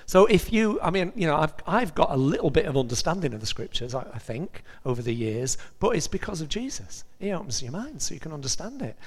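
A man preaching a sermon in a lively, conversational way, with asides to his congregation. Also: on the high side, brisk, hardly any pauses. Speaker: pastor. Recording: reverberant hall recording.

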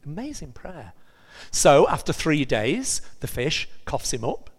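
A man preaching a sermon, telling a story in an animated way and acting out the characters' voices. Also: a little high, measured pace, in a large hall.

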